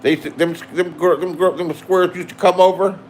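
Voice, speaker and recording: A man's voice: sits high, steady tone, a little fast, slight background noise. A man in his sixties talking casually to camera, rambling and swearing as he reminisces. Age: 60s. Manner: profane, reminiscing, loose and chatty. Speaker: vlogger. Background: music playing.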